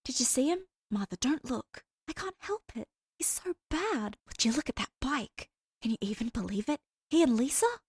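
A woman voicing young college girls gossiping in hushed, giggly whispers. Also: high voice, animated, normal speed, husky, dry recording, clean studio sound, pitched above the performer's own voice. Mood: gossipy.

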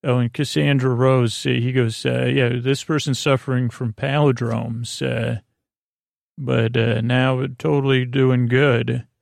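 Man, podcast host, gravelly voice, flat monotone, meandering bedtime recap, lots of fillers, dry close mic. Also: mid-range voice, dry recording. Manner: meandering, halting, full of fillers. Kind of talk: rambling bedtime episode recap.

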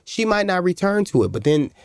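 A man, a musician guest telling a story in a lively, animated way and acting out other people's voices. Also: high-pitched, a little fast, clear, resonant tone, dry recording, studio quality. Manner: animated, acts out voices in stories. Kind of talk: conversational storytelling.

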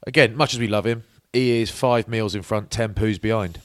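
Teasing low-voiced British podcast co-host. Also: male voice, moderate pace, a bit bright. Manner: teasing, rambling, lots of likes and ums. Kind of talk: casual banter podcast.

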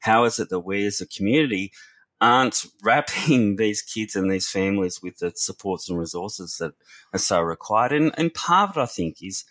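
A man's voice: fairly low pitch, fairly bright tone. A man, a researcher and former youth worker, talking earnestly and reflectively in a podcast discussion, often restarting his words.

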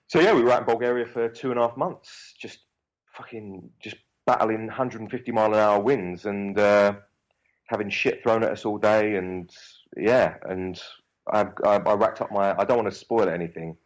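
A young Cockney-accented actor appears as a guest in a casual interview, rambling and swearing freely. His voice is on the low side at normal speed, and the recording is rough.

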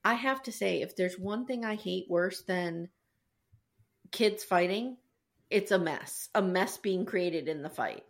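A woman's voice: lowish voice, a little slow, gravelly. A woman co-hosting a podcast, telling a recap in a casual, profane, laughing way. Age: adult with children. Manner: animated, laughing, profane storytelling. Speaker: podcast co-host recapping a show. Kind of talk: casual chat.

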